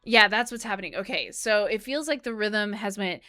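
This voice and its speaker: A woman's voice: medium pitch, normal speed. Chatty woman reacting to music. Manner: chatty and enthusiastic, hums out rhythms. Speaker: music reaction YouTuber and flutist. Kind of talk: casual music reaction commentary. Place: at home. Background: faint music playing.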